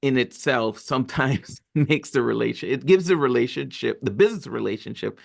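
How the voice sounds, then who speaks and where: Gravelly-voiced man podcast co-host. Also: medium pitch, a little fast. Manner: reflective, thinks aloud with "um" and "right?". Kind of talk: casual chat.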